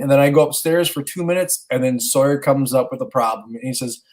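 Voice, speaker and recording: A man's voice: mid-range voice, brisk, few pauses, rough recording. A man co-hosting a parenting podcast, telling a family story in casual chat and acting out his children's voices. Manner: animated storyteller, acts out his kids' lines. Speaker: podcast co-host, stay-at-home dad.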